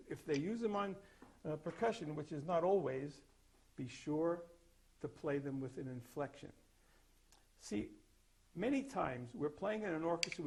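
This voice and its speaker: An older man teaches percussion in a relaxed lesson, his voice gravelly and a little high for a man. He breaks off to sing short syllables showing how a note should sound. A faint hiss sits under the recording. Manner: explains then sings or plays examples. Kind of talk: demonstrating master class.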